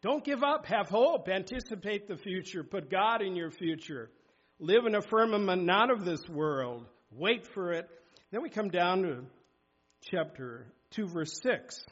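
A man's voice: sits high, animated, measured pace. Male preacher, sermon delivery, emphatic, dull lo-fi sound. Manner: emphatic, exhorting, reads scripture aloud. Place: church sanctuary.

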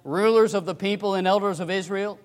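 High-voiced man preaching in an echoing hall. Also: steady tone, a little fast. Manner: swings from hushed to loud emphatic cries. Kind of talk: sermon. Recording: reverberant hall.

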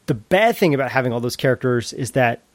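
A man co-hosting a casual podcast chat, enthusiastic but halting, restarting his sentences often. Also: mid-range voice, animated, no room sound. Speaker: podcast co-host.

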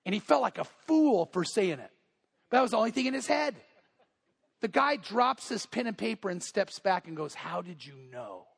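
High-voiced guy preaching a sermon, casual, tells a story and does the voices. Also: animated, normal speed, vocal fry, husky. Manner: storytelling, acts out quoted voices; casual, repeats words. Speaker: pastor. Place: church service.

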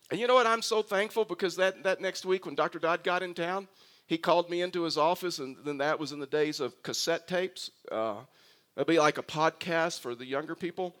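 Man preaching with a slightly high voice. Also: moderate pace, fairly bright tone. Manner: humorous storytelling with frequent restarts. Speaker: pastor. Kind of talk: sermon.

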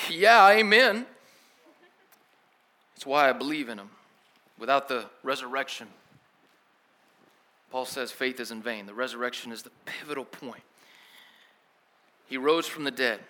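A man preaching a sermon as a pastor, telling the story in a lively, casual way with slang. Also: medium pitch.

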